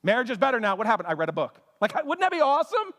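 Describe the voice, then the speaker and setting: Impassioned male preacher, high voice. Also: very animated, racing, fairly bright tone. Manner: impassioned preaching with rhetorical questions and humor. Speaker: pastor. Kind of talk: sermon. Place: church sanctuary. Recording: long church hall reverb.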